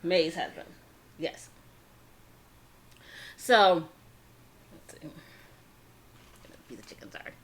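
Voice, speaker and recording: A woman's voice: on the low side, expressive, fairly bright tone. A woman hosting a casual eating-show story time, chatting through a history story and acting out the people's lines. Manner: chatty, acts out quoted dialogue; pauses to spell out words. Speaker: channel host telling a history story.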